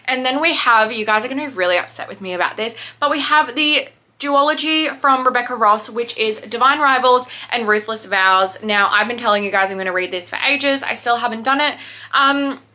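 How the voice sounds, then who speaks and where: A woman's voice: on the high side, a little fast, sharp tone. A young woman, chatting casually to camera about her unread books in a rambling, self-deprecating way. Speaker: book vlogger.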